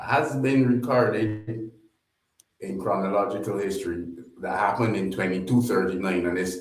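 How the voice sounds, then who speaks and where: Deep-voiced man on an echoey remote call. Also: darkish tone. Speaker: call-in guest. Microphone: remote computer call.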